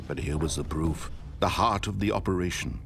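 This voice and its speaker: A man voicing an omniscient storyteller narrating a video game, in a measured, expressive delivery with dramatic questions. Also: deep voice, vocal fry, a little hiss or hum. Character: omniscient male storyteller narrating an office worker's life.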